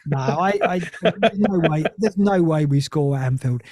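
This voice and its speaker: A man's voice: fairly high pitch, normal speed, darkish tone, no room sound, studio quality. A man chatting on a football podcast, rambling and restarting his sentences often. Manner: rambling, self-interrupting, many restarts. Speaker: Nottingham Forest fan guest. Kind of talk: casual podcast chat.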